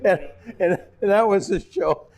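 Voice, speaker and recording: An older man with a Midwestern American accent, a former TV weatherman, telling animated anecdotes as an interview guest. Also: high-pitched, unhurried, vocal fry. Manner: animated anecdotes, acting out quotes. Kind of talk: casual storytelling.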